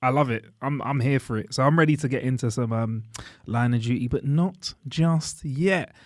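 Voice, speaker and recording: A man co-hosting a casual podcast chat, lively and chatty, dropping British slang like mate and bruv. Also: mid-range voice, moderate pace, no room sound, clean studio sound. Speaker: podcast co-host. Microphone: studio podcast mic.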